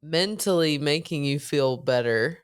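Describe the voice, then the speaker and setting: A woman's voice: deep voice, unhurried, clear, resonant tone. A woman hosting a podcast, chatting casually in a dry, understated way. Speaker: podcast host. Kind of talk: casual chat.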